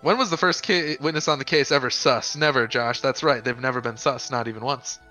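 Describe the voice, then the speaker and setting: Bright jokey guy hosting a game stream, laughing a lot, music faint behind. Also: medium pitch, a little fast. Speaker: let's play host. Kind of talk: casual banter.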